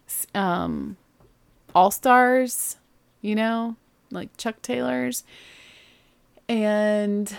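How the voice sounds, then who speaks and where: A woman's voice: medium pitch, gravelly. Woman, 30s, podcast host, casual rambling chat, self-correcting.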